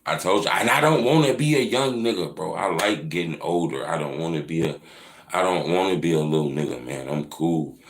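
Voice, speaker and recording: A man in his thirties hosting a casual live Q&A, answering viewer questions with profane, teasing banter that swings into loud mocking rants. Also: sits low, a little fast, reverberant. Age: 30s.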